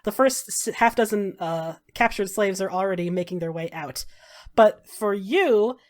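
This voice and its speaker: A woman's voice: mid-range voice, moderate pace. A woman narrating as game master in a casual, chatty way.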